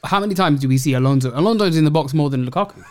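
A man's voice: on the high side, crowd noise. A man chatting casually about football on a podcast panel, slangy and laughing often. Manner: fast, slangy, laughing a lot. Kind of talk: casual chat.

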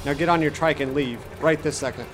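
A man voicing a tough male tricycle-riding western hero and gang boss in a comedy movie-trailer spoof, with a gruff drawl. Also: fairly high pitch, a little fast, natural voice. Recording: distant voice over music.

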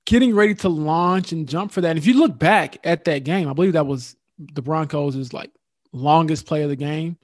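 Animated male sports reporter, higher-pitched, dry close sound. Podcast chat. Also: normal speed, dry recording. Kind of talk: casual sports talk.

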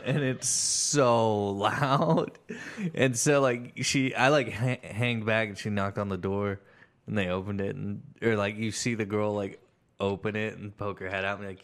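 A man tells a rambling story in a relaxed podcast chat, leaning on fillers. His voice sits on the low side. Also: normal speed. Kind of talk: casual chat.

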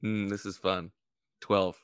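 A man with a low, level voice speaks slowly and cleanly, recorded in a clean studio with no echo. He hosts a casual podcast chat where he runs a bidding game, playfully calling out bids like an auctioneer and cracking jokes.

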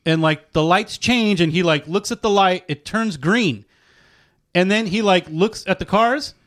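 Man, slightly high voice, relaxed and profane storyteller, animated chat. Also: measured pace. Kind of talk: casual chat.

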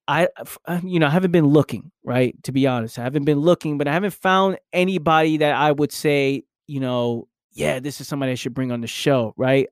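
A man's voice: fairly high pitch, dry recording, clean studio sound. A young man hosting a solo podcast, talking casually and reflectively, with "right?" tagged onto his points. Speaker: podcast host.

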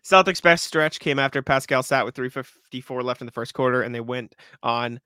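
A man co-hosting a casual sports podcast who reads listener emails and jokes around with his partner, with hiccups and throat clearing. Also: mid-range voice, bright, forceful tone, no echo, clean studio sound. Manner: fast, joking banter with many asides. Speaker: podcast co-host.

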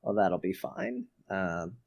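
A man playing a tabletop role-playing game, stating his character's actions in a slow, deliberate way. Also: deep voice, wildly swooping pitch, gravelly, very noisy. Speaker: player.

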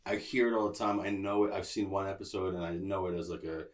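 A man's voice: sits low, fairly even intonation, fast talker. A man hosting a casual podcast chat, telling stories animatedly with laughs and casual swearing. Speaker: podcast host.

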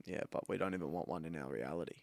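A man's voice: a bass voice, racing, gravelly, darkish tone, no echo, studio quality. A young man in his twenties with an Australian accent, co-hosting a podcast with crude, joking banter. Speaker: podcast co-host. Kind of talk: casual chat.

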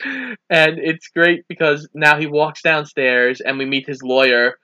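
A man's voice: on the high side, a little slow, bright, forceful tone, muffled recording. A man co-hosting a podcast, retelling a film's plot casually and acting out the characters' lines. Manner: narrates the plot, acts out lines. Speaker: podcast co-host. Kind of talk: casual movie recap chat.

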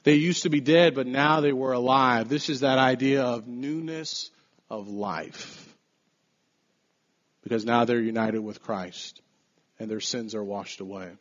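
A man preaching an earnest, emphatic podcast sermon, slowing down to stress key phrases. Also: mid-range voice, highs cut off.

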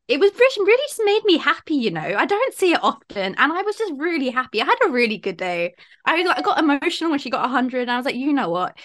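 A woman's voice: medium pitch, bright, forceful tone. A woman from India co-hosting a casual podcast, enthusiastic and opinionated. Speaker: podcast co-host.

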